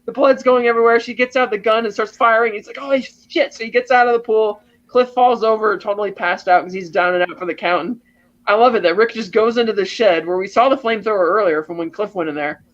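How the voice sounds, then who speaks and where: A man's voice: high-pitched, fast talker, fairly bright tone, highs cut off. A man co-hosting a podcast, animatedly retelling film scenes step by step and acting out the lines. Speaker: podcast co-host. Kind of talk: casual film discussion.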